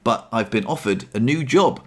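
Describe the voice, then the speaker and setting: A man's voice: medium pitch, expressive, normal speed, fairly bright tone. A young man chatting casually in a self-deprecating, upbeat vlog about his life at home. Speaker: vlogger. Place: apartment.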